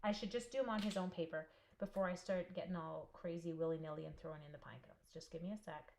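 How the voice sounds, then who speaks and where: A woman's voice: fairly low pitch, fairly even intonation, fast talker, creaky, a little hiss or hum. A middle-aged woman from Canada hosting a live crafting class, chatting with viewers and talking herself through each step with a giggle. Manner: chatty, talks to herself while working, giggly.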